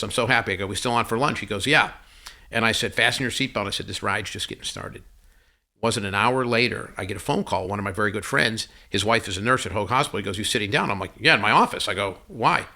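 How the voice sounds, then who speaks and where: Male podcast guest, fast and bright, animated raconteur who voices everyone in his stories. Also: on the low side. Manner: animated storyteller who acts out dialogue. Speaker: podcast guest, company CEO. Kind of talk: conversational storytelling interview.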